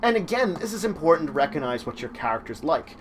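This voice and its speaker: A man's voice: a little high, sing-song, fast talker, a little hiss or hum. A man hosting his own channel, explaining game-mastering tips in a loose, conversational way with frequent fillers. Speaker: channel host giving game-mastering advice. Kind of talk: casual instructional talk.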